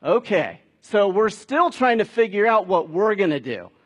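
Man, pastor, sermon, husky, high voice, conversational with emphatic peaks. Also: big pitch swings, normal speed.

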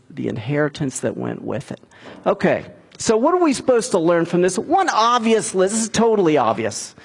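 A middle-aged man preaching a sermon, retelling a scripture story and giving the characters' lines in a raised, animated voice. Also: on the high side, vocal fry, husky. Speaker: pastor.

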